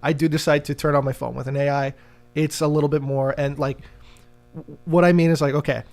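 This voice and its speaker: Man, gravelly voice, somewhat high, rambling casual talk. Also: flat delivery, brisk, a little mellow. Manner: rambling, thinks aloud with many likes. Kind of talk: casual discussion.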